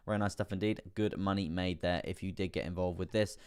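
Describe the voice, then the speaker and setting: A man's voice: low voice, fairly even intonation, fast talker, a little mellow, clean tone. A man hosting a casual live stream, chatting through price charts, laughing often and repeating his words as he goes. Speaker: crypto livestream host.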